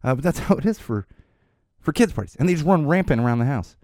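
A man's voice: fairly high pitch, quick pace, no room sound, studio quality. Podcast guy in his 30s, rambly and casual, swears a bit, voice swings all over the place. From Los Angeles area. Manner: rambling, animated, swears, laughs often, many fillers. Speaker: podcast host. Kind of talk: casual chat. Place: studio.

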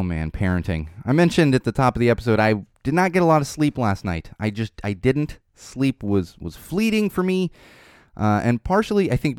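A man hosting his podcast, talking in a casual, animated monologue, laughing often and swearing now and then. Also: on the low side, smooth, no room sound, clean studio sound. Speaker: podcast host.

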